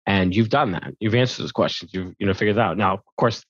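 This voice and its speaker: A man's voice: fairly low pitch, fast, breathy edge, no room sound, lo-fi sound. A man co-hosting a podcast as an attorney, talking in a rambling way and restarting his sentences, recorded in a hotel room. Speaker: co-host, attorney. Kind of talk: podcast interview.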